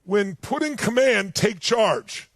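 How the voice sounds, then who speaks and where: A man's voice: sits high, expressive, takes it slowly, a bit bright, no room sound, heavily acted. A man voicing a blunt, decisive male army general who speaks curtly and matter-of-factly. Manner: curt, matter-of-fact.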